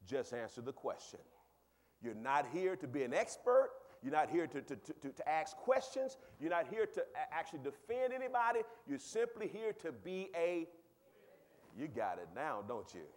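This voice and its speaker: A male pastor preaching a sermon, talking with the congregation and swinging from quiet asides to loud, high exclaims, with quick repeats of words. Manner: conversational, asks the congregation questions.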